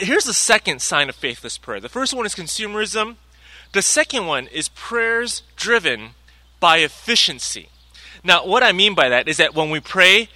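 A man in his thirties preaching a conversational sermon as pastor, acting out family anecdotes with lively asides. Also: a little high, no room sound. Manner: conversational, animated, acts out anecdotes.

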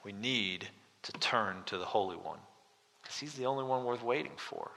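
A male preacher delivering an expository sermon in a church hall. His voice is bright and forceful, and it carries a long, reverberant tail. He moves from loud emphasis to quiet intensity and keeps asking the listeners questions. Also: medium pitch, normal speed, vocal fry. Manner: dramatic, swings from loud emphasis to hushed.

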